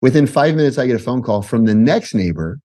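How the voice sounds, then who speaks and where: A man in his forties, a podcast guest, telling casual stories in an animated way, often breaking off and laughing. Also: mid-range voice, fast talker. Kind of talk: casual storytelling.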